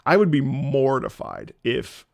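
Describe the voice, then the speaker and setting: Male streamer, gravelly and lively, casual chat with jokes and cursing, dry close sound. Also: mid-range voice, unhurried, no echo. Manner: animated, joking storyteller with frequent swearing.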